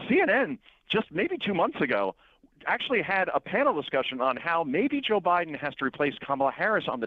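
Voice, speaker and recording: A man talks fast as a talk-radio guest, his pitch swinging widely as he argues his points. He sounds muffled and dull, as if on a dry remote line with no room sound at all. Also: no room sound. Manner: rapid, animated, opinionated. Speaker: guest columnist.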